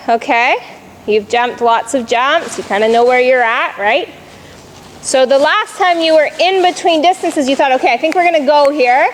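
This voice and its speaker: A woman's voice: sits high, a bit bright, slight background noise, rough recording. A woman riding instructor coaching a jumping lesson, calling out cues and explaining in an encouraging, instructive way.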